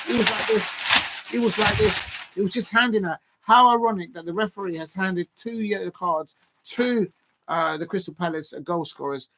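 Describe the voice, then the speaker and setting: A man giving rambling, casual live commentary on a match and shouting out viewers by name. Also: high-pitched, normal speed, a little hiss or hum. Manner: rambling, chatty, lots of fillers, shouts out viewers. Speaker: live stream host.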